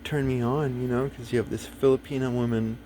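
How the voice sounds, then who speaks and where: Fairly quick and warm in tone, a video host with a mid-range voice and little pitch movement chats casually to the camera. He's rambling, blunt and profane, full of fillers and restarts, with a little hiss or hum in the recording.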